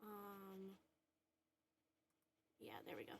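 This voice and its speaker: A woman chatting casually on a livestream from home, talking softly and cooingly to her dog between remarks, into a desk microphone. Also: medium pitch, animated, extremely slow, creaky. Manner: soft, cooing talk soothing her dog. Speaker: streamer. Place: at home indoors.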